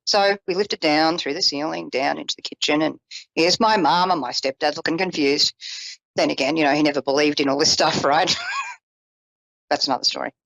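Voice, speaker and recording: A woman psychic telling a personal story in an animated, casual way, with self-deprecating asides, acting out the voices she quotes. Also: deep voice, moderate pace, vocal fry, no echo, rough recording. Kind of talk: storytelling on a call-in psychic show.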